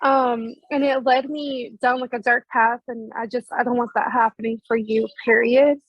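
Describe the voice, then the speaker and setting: A woman participant sharing a personal story in a class, talking haltingly with frequent fillers. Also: a little high, level tone, no room sound, muffled recording.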